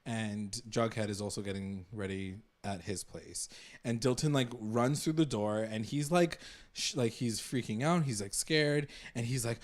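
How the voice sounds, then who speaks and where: A man co-hosting a casual podcast, retelling scenes in animated quoted voices and laughing often. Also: fairly low pitch, moderate pace. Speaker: podcast co-host. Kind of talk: casual chat.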